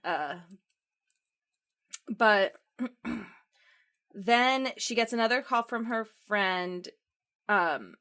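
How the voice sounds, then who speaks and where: A young woman co-hosting a podcast, casually recapping a film and acting out the characters' lines with lively storytelling. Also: medium pitch, very slow, pauses often. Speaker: podcast co-host.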